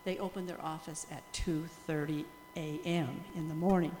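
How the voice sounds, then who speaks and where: An older woman from the USA or Canada gives a testimony talk as a missionary to a church group, telling stories with lots of laughter and frequent praise of God. Her low voice moves at a moderate pace and carries through a roomy hall with long reverb, over a faint underlying hum.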